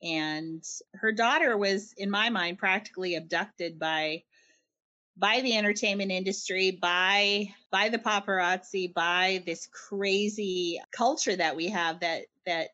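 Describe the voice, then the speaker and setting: A middle-aged woman from Canada, a writer being interviewed, talking in a chatty, animated way with frequent laughs and restarted phrases. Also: mid-range voice, unhurried, lo-fi sound. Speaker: guest, writer. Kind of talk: conversational interview answers.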